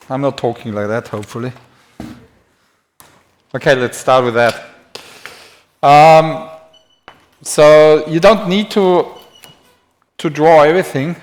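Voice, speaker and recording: A man's voice: mid-range voice, measured pace, pauses often. A man who speaks natively gives a live-streamed anatomy lecture in English, chatty and self-deprecating, writing on a board as he talks.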